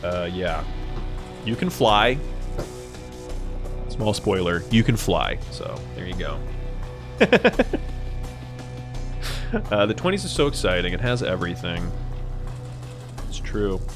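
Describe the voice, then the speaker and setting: Lively, joking man streaming a game. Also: sits low, unhurried, pauses often, over music. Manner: rambling, jokey and profane. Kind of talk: casual gameplay commentary.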